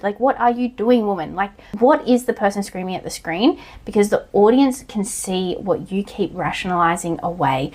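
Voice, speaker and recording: A woman, talking through a solo coaching podcast in a blunt, casual way, swearing now and then and yelling out acted lines. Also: medium pitch, animated, normal speed, hardly any pauses. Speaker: online coach and physiotherapist.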